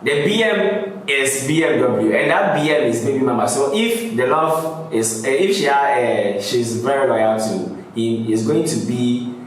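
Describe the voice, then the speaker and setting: A man's voice: medium pitch, expressive, a little slow, recorded from a distance. Man explaining rap lyrics in an echoey room. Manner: explains lyrics line by line, laughs often. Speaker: music reaction host. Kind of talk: casual reaction commentary. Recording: roomy echo, off-mic, faint background noise.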